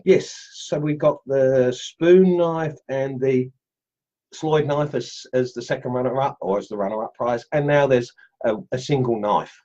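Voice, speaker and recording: A man's voice: medium pitch, measured pace, warm tone. A man hosting a casual livestream, chatty and jokey, rambling with many fillers, heard with a slightly dull lo-fi sound. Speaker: host of a carving group livestream.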